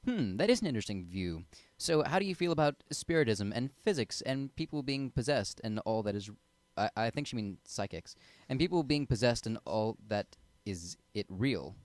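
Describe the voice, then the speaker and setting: A man's voice: medium pitch, expressive, normal speed, few pauses, darkish tone, no echo. A young man on a teen panel show, reasoning aloud with rhetorical questions. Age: teens. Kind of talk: casual panel talk.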